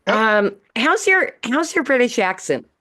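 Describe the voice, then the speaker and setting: A woman's voice: a little high, very animated, measured pace, sharp tone. A woman hosting a talk show over a video call, playful and teasing, laughing often. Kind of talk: casual video call chat.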